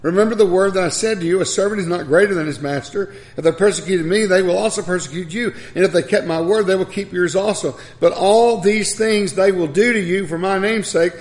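An older man preaching a sermon, reading scripture and telling folksy stories about his life and his late wife, in a gravelly voice. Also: high-pitched, a little fast, hardly any pauses.

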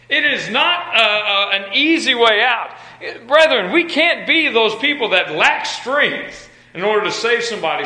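A man's voice: high voice, pushed and bright, echoey room, low-quality recording. A male preacher giving a sermon, emphatic, repeating phrases and restarting with stammers.

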